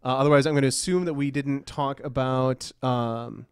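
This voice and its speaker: A man's voice: mid-range voice, steady tone, moderate pace, clear, resonant tone, dry recording, clean studio sound. A man hosting a livestream, reading viewer questions in an easygoing way and laughing often. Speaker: stream host. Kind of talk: casual livestream chat.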